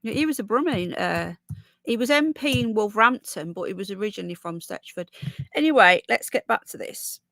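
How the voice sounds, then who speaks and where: A woman's voice: mid-range voice, expressive, brisk, gravelly, fairly bright tone, dry recording. Chatty woman with a sore throat. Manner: chatty, opinionated, rambling with restarts. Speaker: livestream host. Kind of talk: casual live chat reading viewer comments.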